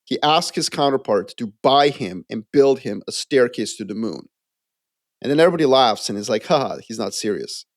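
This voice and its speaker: Animated man talking geopolitics, dry sound. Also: mid-range voice, normal speed, no room sound. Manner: animated, acts out quoted voices. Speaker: podcast co-host. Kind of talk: casual geopolitical chat.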